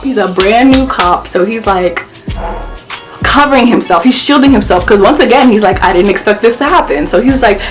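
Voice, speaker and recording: A young woman telling a story on her vlog, animated and swearing as she acts out the quotes. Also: fairly high pitch. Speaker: vlogger.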